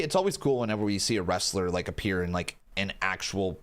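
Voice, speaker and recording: A man hosting a live wrestling watch-along, chatting excitably with his chat and swearing freely. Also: deep voice, fast, few pauses, faint music behind. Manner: excitable, profane, chatty, talks straight to chat. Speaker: live-stream host reacting to wrestling. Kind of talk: casual watch-along commentary and chat banter.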